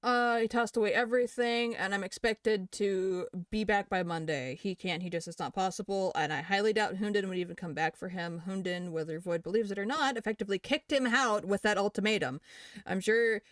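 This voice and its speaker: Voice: medium pitch, a little fast, fairly bright tone, no echo, studio quality. A young adult talking casually and with plenty of swearing, reading posts aloud and reacting to them. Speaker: creator responding to allegations. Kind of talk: casual commentary.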